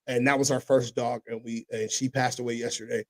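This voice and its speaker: A man hosting a casual podcast, telling stories with animated delivery and sudden loud impressions. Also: medium pitch, a little fast, rough recording. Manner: animated storytelling, breaks into loud shouted impressions. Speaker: podcast host.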